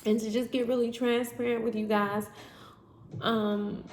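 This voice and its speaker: A woman's voice: on the high side, little pitch movement, a little slow, darkish tone, echoey room, a little hiss or hum. A woman giving a spiritual tarot reading, emotional and candid, talking straight to her viewers. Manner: candid, addresses viewers as y'all. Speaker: tarot reader.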